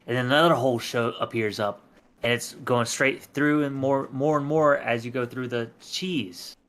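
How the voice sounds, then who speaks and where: A man co-hosting a gaming stream, speaking in a measured, explanatory way and working through his points with analogies. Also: medium pitch, fairly bright tone. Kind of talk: casual chat while gaming.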